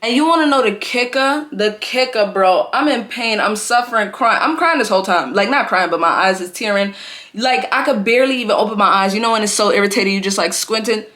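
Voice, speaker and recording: A woman's voice: medium pitch, brisk, fairly bright tone. Chatty young woman telling a storytime. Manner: slangy, chatty, full of "like" and "bro". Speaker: vlogger. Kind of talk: casual storytime vlog.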